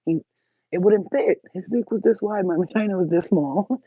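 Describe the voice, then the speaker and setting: A woman in her forties tells stories to her phone camera in a husky, slightly rough voice. She is blunt and crude and breaks into laughter often. The sound is dry and dull, like lo-fi phone audio. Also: mid-range voice, moderate pace, dry recording. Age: 40s. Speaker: channel host. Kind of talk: candid storytelling to camera.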